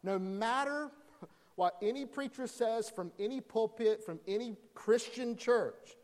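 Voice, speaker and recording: A man preaching a sermon as a pastor, animated, acting out crowd dialogue as he teaches. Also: very high voice, a little slow. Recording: long hall reverb.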